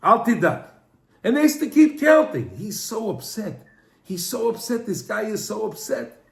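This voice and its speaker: A man with a high voice gives a Torah class in an echoey room. He tells the story with animation, often repeating and restarting his phrases. The room's reverb hangs around his words. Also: sing-song, normal speed, gravelly, a little mellow. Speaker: Torah teacher.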